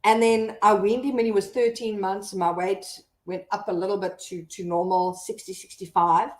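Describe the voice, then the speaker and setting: A woman's voice: medium pitch, fairly even intonation, normal speed, a little mellow. A South African woman in her thirties, hosting a casual live stream and chatting candidly with viewers as she reads their comments. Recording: roomy echo.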